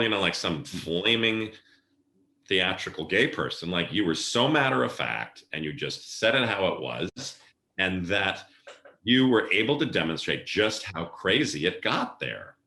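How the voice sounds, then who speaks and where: Middle-aged male guest, low bright voice, lively storyteller, roomy echo. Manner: animated storyteller acting out quoted voices. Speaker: podcast guest, event planner. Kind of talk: casual storytelling interview.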